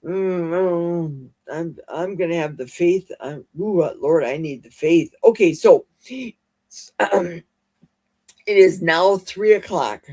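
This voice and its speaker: A woman with a fairly low, warm voice hosts a casual livestream from home. She's chatty and exclamatory as she reads viewer comments aloud.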